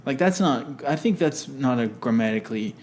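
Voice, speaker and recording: A man's voice: mid-range voice, animated, moderate pace, darkish tone, slight background noise. A man co-hosting a podcast, chatting casually and laughing easily. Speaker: podcast co-host. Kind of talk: casual chat.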